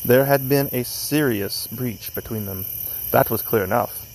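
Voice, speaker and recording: A man reading a classic story aloud at an unhurried pace, outdoors in a cemetery at night, correcting small slips as he goes. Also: medium pitch, a little hiss or hum, poor audio. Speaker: narrator.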